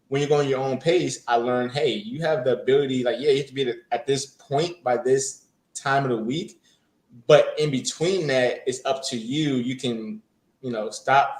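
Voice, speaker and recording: Male grad guest, mid-pitched, filler-heavy, echoey video call. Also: darkish tone. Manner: hesitant, many fillers and restarts. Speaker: bootcamp graduate guest. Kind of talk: casual interview over video call.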